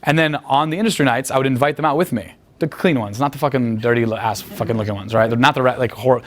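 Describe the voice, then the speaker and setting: A man with a medium-pitched voice talks at a quick pace as an interview guest discussing picking up women. The casual conversation is full of his crude, boastful, rambling, profane stories.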